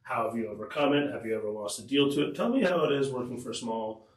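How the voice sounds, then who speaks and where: Podcast host, mid-pitched man, chatty interviewer, echoey room with the mic set back. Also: expressive, fast, far from the mic. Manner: conversational, asks long questions.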